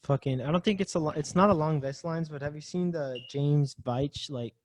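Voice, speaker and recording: A man in a podcast chat talks loosely and laughs often, tossing in "bro." His voice sits slightly high for a man. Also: normal speed, a little hiss or hum. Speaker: podcast co-host. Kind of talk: casual chat.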